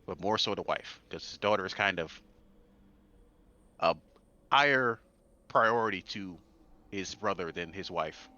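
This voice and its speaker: A man playing a tabletop game in casual chat, laughing often and sounding animated and easily confused. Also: low voice, unhurried, pauses often, highs cut off.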